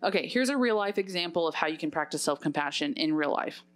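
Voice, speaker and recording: Woman, young adult, co-host, lowish pitch, direct, advice-giving. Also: animated, fast. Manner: frank, plain-spoken, gives direct advice. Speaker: podcast co-host. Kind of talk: casual podcast chat.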